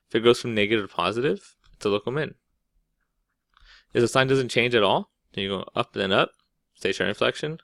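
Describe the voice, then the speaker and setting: Man teaching math, casual lecture, lowish pitch, dry recording, frequent "right?". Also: vocal fry, a bit bright, dry recording. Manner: casual, repeats "right?" often, restarts mid-word. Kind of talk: explaining calculus over a whiteboard.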